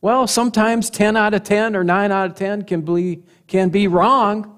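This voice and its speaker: A man preaching a sermon, animated, asking rhetorical questions and chuckling at his own points. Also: sits high, unhurried. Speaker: pastor.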